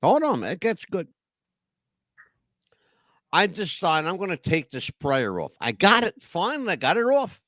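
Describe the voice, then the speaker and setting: Loud rowdy guy on a live podcast, voice jumps all over, cusses a lot, dry close sound. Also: sits high, very animated, a little slow, pauses often, no echo. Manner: rowdy, swears freely, many "you know" fillers. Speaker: podcast co-host. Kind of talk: live podcast chat reading chat messages.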